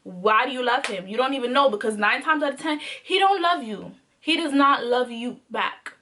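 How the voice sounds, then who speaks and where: A young woman tells a personal story to her camera in a casual, candid monologue. Her voice is bright and sits a little high, and she drives her points home by repeating phrases emphatically. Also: expressive, normal speed. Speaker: vlogger.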